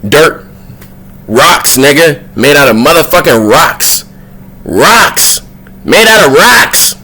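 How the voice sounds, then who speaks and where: A man talking casually to camera in a spiritual vlog, slangy and profane, his voice jumping up high whenever he gets worked up. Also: slow pace, slightly rough. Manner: excitable, slangy and profane, voice leaping up when worked up. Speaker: vlog host.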